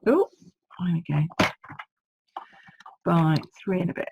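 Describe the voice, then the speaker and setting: Speaking slowly with long pauses, this UK woman has a lowish, animated voice, and there's noise in the background. Nursing a sore throat, she's hosting a live craft stream, making cards, musing aloud and responding to comments from viewers in a chatty way.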